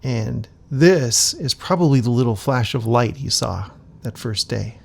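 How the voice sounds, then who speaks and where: A man reading his own comic aloud, narrating and adding relaxed, musing asides. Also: mid-range voice, unhurried, creaky. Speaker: comic author and reader.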